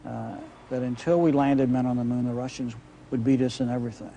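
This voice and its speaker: A man's voice: medium pitch, flat delivery, fairly quick, warm tone, a little hiss or hum, rough recording. A man explaining past events matter-of-factly in a documentary interview.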